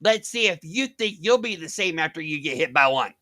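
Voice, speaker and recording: A man's voice: a little high, expressive, a little fast, sharp tone, dry recording. A man ranting on his vlog in a sarcastic, mocking way, often laughing at a critic. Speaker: vlogger. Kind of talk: mocking rant.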